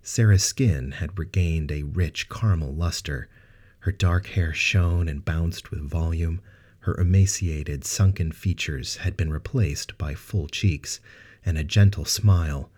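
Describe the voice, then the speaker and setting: A man narrating a science fiction audiobook in a steady, even reading. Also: rumbling low, measured pace. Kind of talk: scripted narration.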